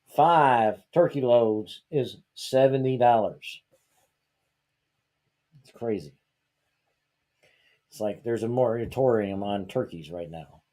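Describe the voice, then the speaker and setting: A man's voice: mid-range voice, lively intonation, slow, pauses often, dark tone. A man from Georgia hosting a podcast, ranting in a heated, exasperated way and firing off rhetorical questions in casual talk. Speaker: podcast host.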